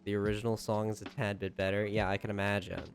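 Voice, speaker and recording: A young man chats casually on a live stream, reading out viewer messages and thanking them as he goes. His manner is playful and jokey, and he laughs easily. Soft music plays faintly in the background. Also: lowish voice, little pitch movement, quick pace. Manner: playful, joking, laughs often. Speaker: livestreamer.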